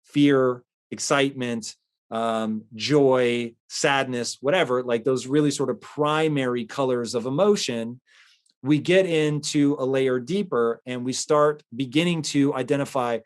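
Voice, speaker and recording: A man hosting a podcast, talking earnestly about emotions and telling a personal story in an animated way. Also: mid-range voice, unhurried. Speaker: podcast host. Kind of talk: casual motivational talk.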